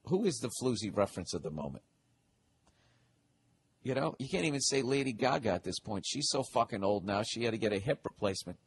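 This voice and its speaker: A man's voice: fairly low pitch, very animated, a little fast, slight background noise. A man in his forties hosting a solo comedic podcast, rambling and profane, often poking fun at himself. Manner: rambling, profane, self-deprecating. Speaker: podcast host.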